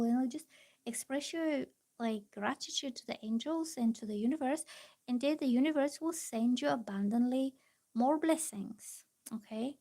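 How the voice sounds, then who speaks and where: A woman's voice: high voice, moderate pace, mellow. A woman giving live-stream tarot readings, chatty and reassuring, rambling with many fillers. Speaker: tarot reader.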